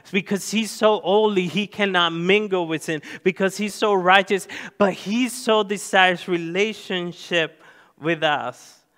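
A man preaching a sermon, slow and deliberate, rising to loud emphatic passages. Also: on the high side, vocal fry. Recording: long hall reverb.

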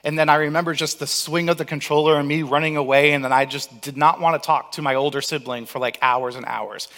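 A young man from Cape Cod preaching a sermon as pastor, telling lively stories and acting out the lines he quotes. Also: on the high side, fast. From Cape Cod, Massachusetts. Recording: long hall reverb.

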